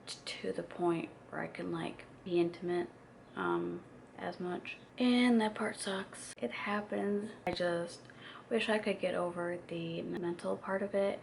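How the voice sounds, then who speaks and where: A woman's voice: lowish voice, gravelly, slight background noise. A woman in her twenties chatting candidly to camera in a casual vlog, talking openly with plenty of fillers. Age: 20s. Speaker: vlogger. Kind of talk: casual confessional chat to camera.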